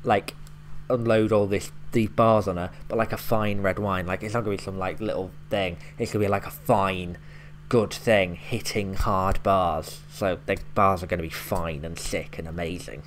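A man with a lowish voice talks through a reaction video in a loose, rambling way, filling gaps with "like" and "um" and swearing now and then. There is a faint hiss under his voice. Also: steady tone, moderate pace. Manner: rambling, explaining lines with loose fillers and swearing. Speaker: YouTube reaction host. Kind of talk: casual reaction commentary.

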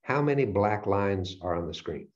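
Brief: low-voiced male lecturer, animated storyteller, dull lo-fi recording. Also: moderate pace. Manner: animated storyteller acting out his own reactions. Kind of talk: motivational lecture. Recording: dull lo-fi sound.

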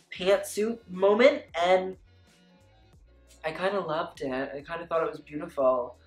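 A woman's voice: on the low side, reverberant. Chatty, blunt woman reviewing fashion. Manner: chatty, frequent "like" and "you know", blunt swearing. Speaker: fashion commentator.

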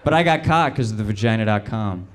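Young male stand-up comic, deadpan and low-key, lowish voice, live-show recording with heavy crowd noise. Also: quick pace. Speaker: stand-up comedian. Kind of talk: stand-up comedy set. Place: small live comedy venue with audience.

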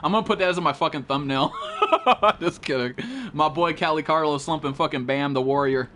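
A man's voice: on the high side, brisk, pushed and bright. A man live-streaming a game, chatting casually and profanely with viewers and greeting them by name.

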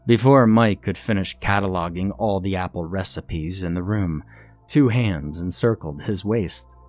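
A man reading a scripted horror story in a measured, ominous storytelling manner. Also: deep voice, a little mellow. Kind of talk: scripted narration. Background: faint music.

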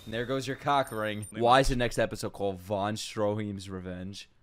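A man giving excitable reaction commentary on an anime, with loud, profane outbursts and laughing exclamations. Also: on the low side, moderate pace, slight background noise. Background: faint anime soundtrack music.

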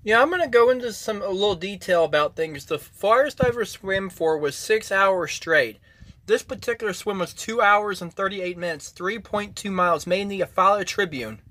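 A young man from Florida vents straight into his phone camera, agitated and repetitive, swearing as he goes. His voice sits high for a man. It has a bright, tense edge. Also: expressive, moderate pace. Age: 20s. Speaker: vlogger. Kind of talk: angry personal rant to camera.

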